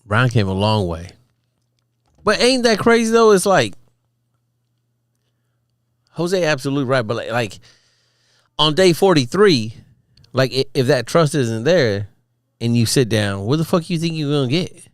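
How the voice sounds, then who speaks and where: Podcast host guy, pitch all over the place, swears casually, dry mic. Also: a little slow, pauses often, no room sound. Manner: lively swings in pitch, short back-channel replies, swears freely. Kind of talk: casual chat.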